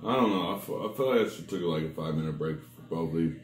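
A man's voice: low-pitched, lively intonation, fast, roomy sound, soft background music. A man reviewing snacks on camera, talking to his viewers and groaning dramatically at each bite. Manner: dramatic, groaning reactions to the taste; talks straight to viewers as "people". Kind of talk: casual food-tasting vlog talk.

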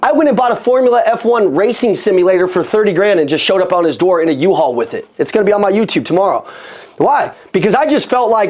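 A man giving an energetic motivational talk on sales to an audience, repeating phrases for emphasis. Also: high voice, quick pace. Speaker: sales coach. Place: room with an audience.

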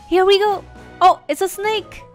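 A high-pitched woman talks her way through a farming game in a chatty, excitable commentary. She laughs and gasps often as the story unfolds, with faint game music in the background. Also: takes it slowly. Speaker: gameplay video creator.

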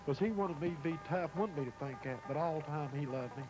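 A man's voice: fairly high pitch, quick pace, over music, rough recording. Appalachian man retelling a painful story. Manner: rambling, acts out what others said. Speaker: interviewee. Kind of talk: emotional first-person storytelling.

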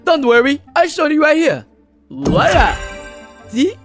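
A man's voice: very high voice, very animated, a little slow, a bit bright, soft background music, heavily acted. A man doing a scheming leprechaun with a corny brogue. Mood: coaxing. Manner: bad put-on brogue, calls people boyo and bucko.

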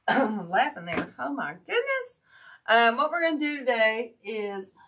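Older lady from ohio chatting through a craft livestream, bright voice, faint hiss behind her. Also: on the high side, very animated, a little slow. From Ohio, USA. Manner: chatty, folksy, greets viewers by name. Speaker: wreath-making livestream host. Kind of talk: casual craft livestream chat.

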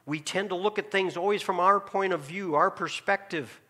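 A man preaching a sermon as pastor, asking the congregation questions and dropping to a hushed tone to make a point. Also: high voice, moderate pace. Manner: preaching with rhetorical questions and sudden drops to a hushed tone. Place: church sanctuary.

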